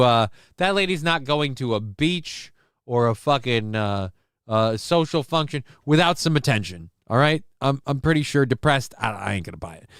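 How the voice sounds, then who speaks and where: A man's voice: a little high, a bit bright, clean tone, dry recording, studio quality. A man hosting a solo live show, rambling through crude, joking commentary and talk about his daughter. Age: adult with a young child.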